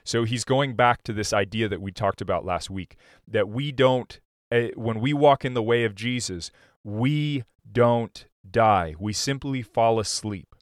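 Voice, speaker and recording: Man, pastor, sermon, slow deliberate pace, earnest, dry recording. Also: mid-range voice, no echo. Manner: slow, earnest preaching with many restarts.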